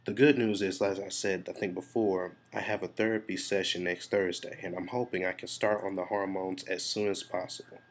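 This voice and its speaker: Deep-voiced man venting in a vlog. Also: level tone, fairly quick, hardly any pauses. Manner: frank, rambling, swears freely. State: stressed and frustrated. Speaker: vlogger. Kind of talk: confessional casual vlog.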